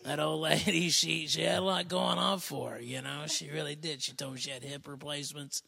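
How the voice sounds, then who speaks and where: A man's voice: fairly high pitch, steady tone, a little fast, gravelly, bright, forceful tone. A man co-hosting a comedy podcast, joking crudely in casual banter. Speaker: comedian co-host.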